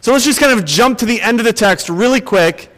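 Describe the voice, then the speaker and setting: Earnest preacher in a reverberant church. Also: male voice, very high voice, expressive, fairly quick, fairly bright tone. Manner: earnest, asks the congregation direct questions. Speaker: pastor. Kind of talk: sermon. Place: church sanctuary.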